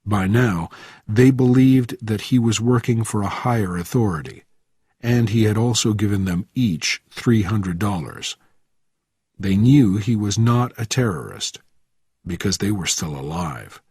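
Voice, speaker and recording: A man narrates a thriller story slowly, with a husky, low voice that rises and falls a lot. He reads with clear expression, close and dry. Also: no echo. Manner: slow, expressive reading. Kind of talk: scripted narration for English learners.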